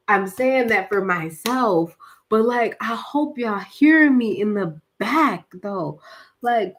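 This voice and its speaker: Rambling young woman on a livestream. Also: on the high side. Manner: rambling, many fillers, slangy. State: tired from a workout. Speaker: livestream host. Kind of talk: casual spiritual livestream chat.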